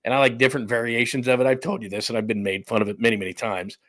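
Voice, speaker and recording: A middle-aged man at a home mic, talking in a loose, rambling way while a little winded. His voice sits at an everyday middle pitch, and the room sounds dry and close with no echo. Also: flat delivery, racing, a bit bright. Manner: rambling, loose, chatty, thinking aloud. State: out of breath. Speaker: sports podcast host. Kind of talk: casual live-stream chat. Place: room at home under renovation.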